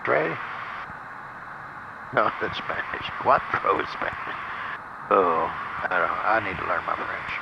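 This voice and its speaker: Gravelly-voiced pilot chatting over cockpit noise. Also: male voice, deep voice, moderate pace, highs cut off. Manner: joking, relaxed asides. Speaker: pilot and channel host. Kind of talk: casual cockpit commentary. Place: small jet cockpit.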